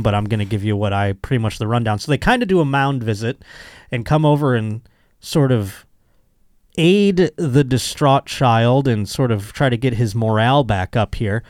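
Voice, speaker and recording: A man's voice: mid-range voice, a little mellow, dry recording, studio quality. A man hosting a podcast, telling stories in a crude, joking way and slipping into mocking voices. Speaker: podcast host. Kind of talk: casual comedic monologue.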